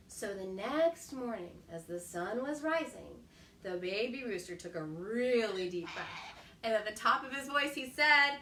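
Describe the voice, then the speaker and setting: A woman hosting a children's storytime, reading aloud in an animated, exclamatory way and asking the children questions. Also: on the high side, a little slow, roomy sound, recorded from a distance, a little hiss or hum. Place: home kitchen.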